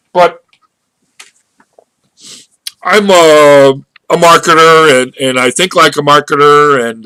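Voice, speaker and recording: Halting, rambling man on a webcam. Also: fairly high pitch, sharp tone, clear, resonant tone, dry recording. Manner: rambling, halting with many restarts. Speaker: marketer. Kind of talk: casual webcam vlog. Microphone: webcam microphone.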